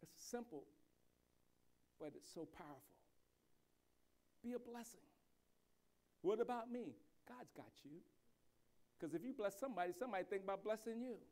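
This pastor's sermon shifts between soft reflection and loud, slow emphasis, his high-pitched voice carrying lively intonation. He often repeats words and starts his phrases over.

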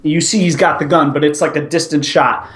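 A man's voice: a little high, fairly even intonation, a little fast. A man co-hosting a casual movie chat, rambling enthusiastically and often laughing. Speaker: co-host.

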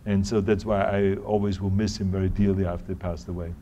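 A man with a German accent telling stories in an interview, talking quickly and often restarting his sentences. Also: deep voice, level tone, warm tone, lo-fi sound. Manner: tumbling words, frequent restarts. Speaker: interview guest. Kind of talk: anecdotal interview answers.

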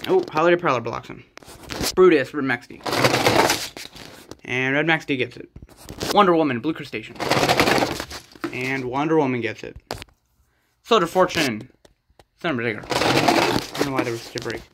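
A man giving quick, excitable play-by-play commentary of toy truck races on a rug at home. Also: medium pitch. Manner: quick excitable race calls with sudden exclamations. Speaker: race commentator and organizer. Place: indoors at home on a rug floor. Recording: loud background noise with clicks.

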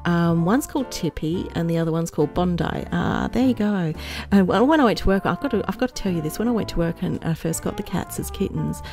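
A woman's voice: lowish voice, animated, brisk, darkish tone, soft background music. A middle-aged woman vlogger chatting casually in a rambling, playful way and laughing often at her own jokes.

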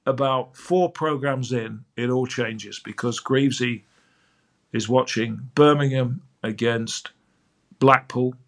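Older man with a gravelly voice. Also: medium pitch, slow. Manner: lively, acts out quoted dialogue. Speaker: podcast guest, sports broadcaster. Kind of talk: anecdotal storytelling in an interview.

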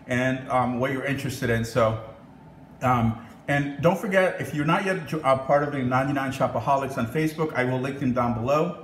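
A man's voice: medium pitch, fairly bright tone, a little hiss or hum. Chatty man in an echoey kitchen. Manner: chatty, upbeat, frequent um and laughs. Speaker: cooking channel host. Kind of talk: casual cooking vlog.

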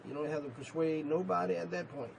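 Gravelly-voiced man preaching with loud peaks. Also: a little high, quick pace, background noise. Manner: emphatic preaching with repetitions and sudden loud peaks. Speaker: pastor. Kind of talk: sermon.

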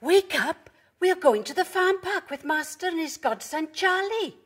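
Woman doing a female dog, high, lively, know-it-all, explaining, storybook. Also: moderate pace. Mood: excited. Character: eager bossy female dog, knows everything.

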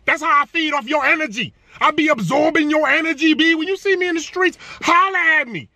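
An energetic man talking casually in a vlog, playful and full of slang. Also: very high voice, a little fast, no room sound. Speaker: vlogger. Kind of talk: casual hype vlog talk.

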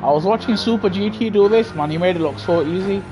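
A gaming streamer with a high voice talks fast on his headset mic while streaming a racing game, music playing in the background. His slangy, chatty commentary is aimed partly at himself and partly at his viewers.

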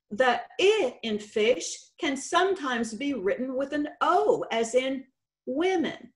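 A woman with a Texan accent giving a conference presentation with slides, explaining slowly and deliberately, stretching out example words. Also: on the high side. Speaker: state contest director presenting. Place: conference session room.

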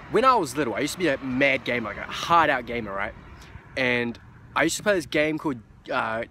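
A man's voice: mid-range voice, very noisy. A young man with a New Zealand accent talking casually to camera as a vlogger, loose and profane, rambling with lots of fillers.

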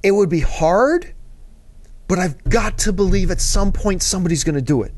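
A man's voice: sits high, expressive, normal speed, a little mellow, breathy edge, no echo. A man hosting a casual chat about movies, talking as an eager fan who rambles and drifts into asides. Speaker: show host answering viewer mail.

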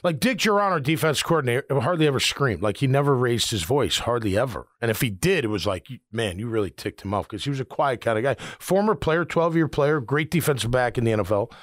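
A man's voice: medium pitch, quick pace, few pauses, no room sound, clean studio sound. A middle-aged man, a former linebacker, hosting a sports radio show and telling locker-room stories with frequent laughter. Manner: storytelling, laughs often, animated. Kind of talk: casual sports talk.

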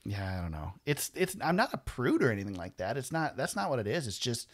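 Rambling, opinionated podcast host. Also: male voice, mid-range voice, sing-song, brisk. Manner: opinionated, rambling, laughs often. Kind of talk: casual chat.

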